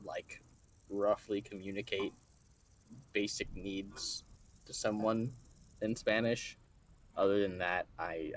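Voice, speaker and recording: A fairly low-voiced man talks over voice chat while gaming with a friend. He is relaxed and chuckles a lot, often stumbling and restarting his sentences. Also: slight background noise, low-quality recording. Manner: laid-back, chuckles often, halting restarts. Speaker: streamer's friend and co-player.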